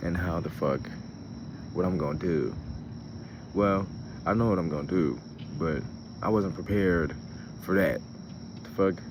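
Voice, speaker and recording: Deep-voiced man venting outdoors on a phone. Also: unhurried, long pauses, noisy background. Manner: profane, rambling, talks through frustration and laughs at it. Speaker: show host. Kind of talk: casual travel vlog monologue.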